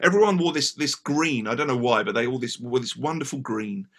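An English man telling a story as a guest in a casual podcast interview, animated and full of restarts. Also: medium pitch, fairly quick, breathy edge. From England. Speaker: guest musician.

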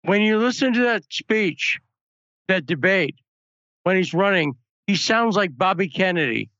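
A man's voice: sits high, lively intonation, a little slow, a bit bright, dry recording, muffled recording. A man hosting a political talk show, chatting casually and telling anecdotes. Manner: chatty, storytelling asides.

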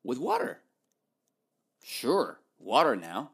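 A man's voice: medium pitch, huge pitch swings, slow pace, gravelly, slightly rough. A man teaching through a story, asking his listeners questions and answering them himself in a playful way.

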